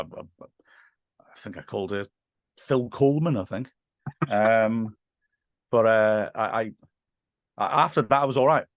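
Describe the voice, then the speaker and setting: A man's voice: on the low side, no room sound. Man, football commentator, casual anecdotes, self-mocking, dry close sound. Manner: self-deprecating, laughs often. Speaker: football match commentator, podcast guest; English teacher. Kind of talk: casual storytelling chat.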